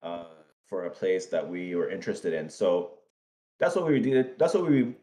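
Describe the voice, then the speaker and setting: Lower-voiced man telling a story with a laugh. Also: normal speed. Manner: animated storytelling, laughing, self-mocking. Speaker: co-host. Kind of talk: casual podcast chat.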